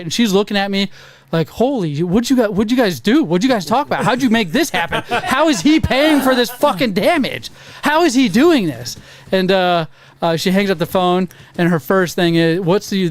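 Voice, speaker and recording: Profane, animated man telling a story. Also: high voice, fairly quick. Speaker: podcast co-host. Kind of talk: casual storytelling chat. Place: podcast studio.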